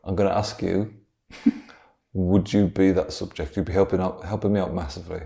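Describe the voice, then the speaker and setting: A man's voice: low voice, little pitch movement, moderate pace, creaky, mellow. Man playing a lonely earnest scientist. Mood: reassuring. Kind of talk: improvised comedy podcast.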